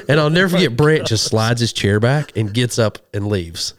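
A man, a podcast guest telling a hunting story in a casual, animated way and acting out the people he quotes. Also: lowish voice, fast talker, hardly any pauses, dry recording. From western Oklahoma. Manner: animated, acts out quoted voices. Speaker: guest, hunting show host and minister.

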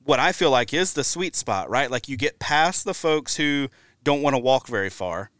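Podcast host guy, smooth clean voice, dry close sound, chatty storyteller. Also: medium pitch, normal speed, no echo. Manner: chatty storyteller, lively asides. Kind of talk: casual podcast interview.

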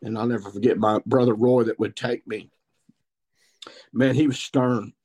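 A man in his sixties speaks in a thick Missouri Ozarks accent, with a middle-pitched voice. He is a podcast guest who tells long, rambling stories in a folksy country manner, circling back to pick up his thread. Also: steady tone, normal speed, darkish tone, husky. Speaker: guest turkey hunter. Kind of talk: podcast storytelling.

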